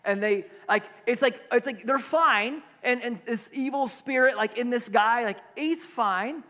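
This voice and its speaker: Male pastor, high voice, chatty sermon with restarts, reverberant hall. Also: a little slow, sharp tone. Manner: conversational, many fillers and restarts.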